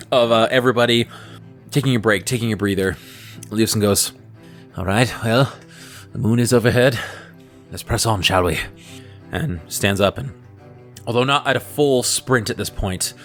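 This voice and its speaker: A man narrating as game master of a tabletop game, describing scenes in an unhurried way with frequent fillers. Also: on the low side, a bit bright.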